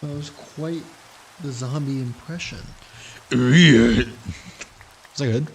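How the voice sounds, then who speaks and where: A man's voice: medium pitch, slow pace, slight background noise. A man streaming a game, chatting casually, rambling and giggling as he trails off. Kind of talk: casual gaming commentary.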